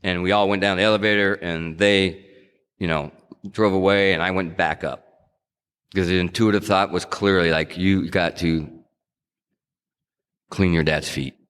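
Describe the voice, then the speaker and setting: A middle-aged man from New England shares his testimony at a sobriety meeting, his voice sitting very low. He talks in an earnest, conversational way and often circles back to restart a sentence. The sound carries a long reverb, as if he were speaking in a meeting hall. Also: steady tone, normal speed, pauses often, fairly bright tone, clean tone.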